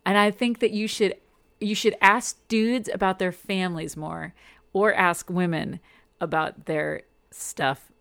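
A woman's voice: medium pitch, steady tone, a little slow, creaky, fairly bright tone, clear, resonant tone. A young adult woman, a radio DJ, talking as a chatty guest in a casual interview. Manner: chatty, self-described talker.

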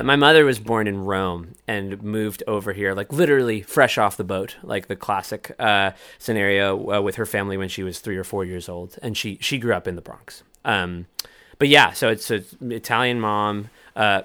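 A young man from New York, talking loosely and jokily as a guest, stopping to correct himself. His voice sits fairly low but comes across bright and forward. The recording is close and dry, with no room around it. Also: normal speed, no room sound. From New York, USA. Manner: rambling, self-correcting, jokey. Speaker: musician guest. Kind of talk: casual chat.

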